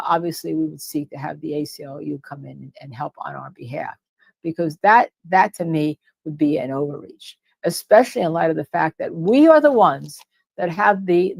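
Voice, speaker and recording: A woman with a strong New Jersey accent hosts a casual livestream, her voice low and gravelly. She talks in an animated, repetitive way and reads chat comments aloud. The sound is dry and close, with no room echo. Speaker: livestream co-host discussing a court case.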